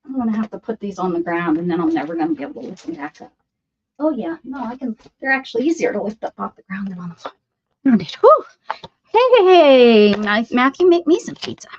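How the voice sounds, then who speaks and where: Woman, art stream host, chatty, muttering while crafting, dull lo-fi sound, faint hiss. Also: mid-range voice. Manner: chatty, mutters to herself as she works. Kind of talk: casual chat while crafting. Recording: dull lo-fi audio with faint noise.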